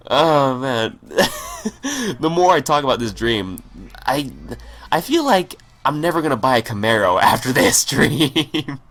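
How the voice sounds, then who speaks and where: Rambling, profane man with a lively voice. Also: a little high, takes it slowly. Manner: rambling and profane, with stammered restarts. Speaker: gaming channel host. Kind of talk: casual storytelling over gameplay.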